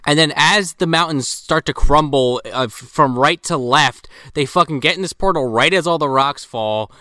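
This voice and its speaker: Male co-host, bright crisp voice, dry sound, rambling plot recap. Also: a little high, moderate pace, dry recording. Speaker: podcast co-host. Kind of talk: casual movie-recap chat.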